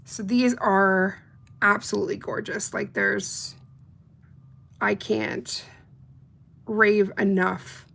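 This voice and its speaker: A woman's voice: mid-range voice, fairly even intonation, takes it slowly, creaky, pauses often, a bit bright. A young adult woman reviewing nail polish in a casual unboxing chat, bubbly and chatty, talking straight to her viewers.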